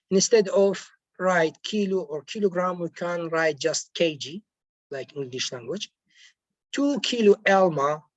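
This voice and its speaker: A man teaching vocabulary who switches back and forth between two languages, pausing often and correcting himself as he explains. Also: on the high side, no room sound. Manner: hesitant, with frequent pauses and self-corrections. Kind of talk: slow classroom explanation. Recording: dull, lo-fi, dry recording.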